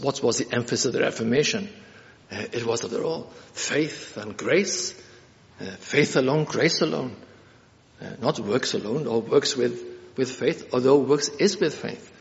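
A man preaching a sermon in an earnest, halting way, with many fillers and restarts. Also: mid-range voice, vocal fry. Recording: reverberant hall, dull lo-fi sound.

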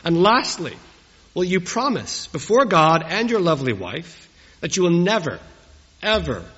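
A man voicing a sly, smug minister in a told joke, with a bright, slightly husky voice. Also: high-pitched, sing-song, unhurried, full character voice. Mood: mock solemn. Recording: dull recording with long church reverb.

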